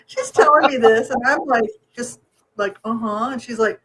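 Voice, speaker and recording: A woman co-hosting a casual podcast chat who talks in a chatty way, laughs often and lets her sentences trail off softly. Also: on the high side, moderate pace, breathy edge, rough recording. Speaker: podcast co-host.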